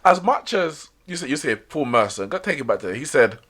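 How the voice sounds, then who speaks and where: A man's voice: medium pitch, very animated, fairly quick, a bit bright. A man co-hosting a casual sports podcast, chatty and teasing. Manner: chatty, laughs often, teasing. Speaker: podcast co-host.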